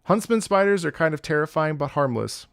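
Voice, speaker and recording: Gravelly, animated male streamer. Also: fairly high pitch, fairly quick, no room sound, studio quality. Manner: animated, joking storyteller with frequent swearing. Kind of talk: casual livestream chat.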